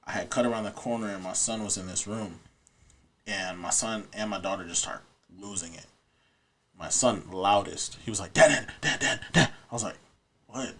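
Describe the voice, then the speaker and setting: A man's voice: deep voice, normal speed, a bit bright. A man in his thirties, a podcast guest, telling a story in an earnest, matter-of-fact way in casual chat. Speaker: podcast guest, paranormal investigator.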